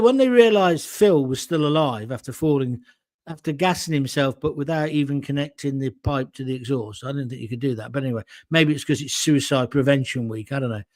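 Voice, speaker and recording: An older Englishman hosts a political talk show, giving a blunt, opinionated monologue laced with sarcastic asides. His voice is a little high and slightly mellow.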